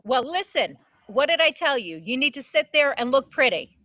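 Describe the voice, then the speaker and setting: A woman's voice: high-pitched, sing-song, moderate pace, pushed and bright, no room sound, lo-fi sound. A woman co-hosting a local public access talk show, chatting in a playful, upbeat way. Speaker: co-host. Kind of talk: casual chat.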